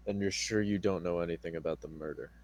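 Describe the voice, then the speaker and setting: A man's voice: sits low, steady tone, fast, darkish tone. A man playing a tabletop game who questions others in a curt, interrogating way. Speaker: player.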